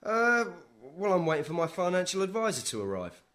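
A man's voice: high-pitched, very animated, fairly quick, fairly bright tone. An actor with a British accent playing a scruffy, broke man who trades dry jibes with his brother in a sitcom. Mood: wry. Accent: British English. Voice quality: dry, wry. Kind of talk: sitcom acting.

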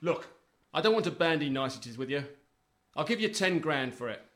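Playing a pompous, bullying rich brother in a sitcom property negotiation, a British actor sneers at his sibling with open contempt. His expressive voice is a little high and fairly bright, and he speaks fairly quickly in a scornful mood.

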